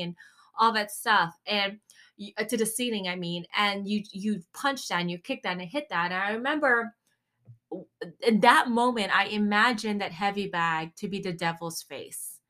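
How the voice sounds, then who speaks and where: A woman's voice: mid-range voice, normal speed, pushed and bright. A woman in her thirties hosting a faith-based podcast, telling a story animatedly with vivid exclamations and then turning to encouragement. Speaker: podcast host.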